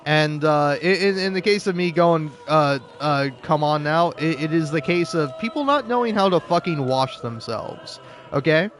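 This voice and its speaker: An animated, high-ish male voice, fairly bright in tone and moderate in pace, over soft background music. He's a gaming video creator whose rambling, sarcastic, profane commentary restarts often and is punctuated by laughs between points.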